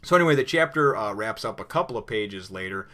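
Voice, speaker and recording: A man's voice: on the low side, animated, quick pace, sharp tone. A man giving a casual spoken review, retelling the story loosely with many fillers and restarts. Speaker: comic book reviewer.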